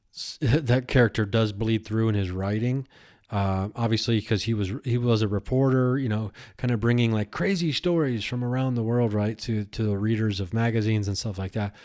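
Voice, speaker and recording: A man hosting his own podcast as a comedian, talking in a rambling, excitable solo monologue full of restarts and riffs. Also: medium pitch.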